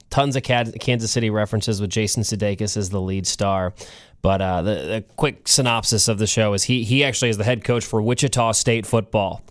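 A man co-hosting a talk show, retelling a TV episode in a casual, storytelling way. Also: fairly low pitch. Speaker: radio show co-host. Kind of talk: casual chat.

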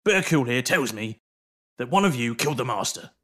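A man voicing a gruff, officious male security guard in a tabletop game. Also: mid-range voice, animated, a little fast, bright, forceful tone. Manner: blunt and officious.

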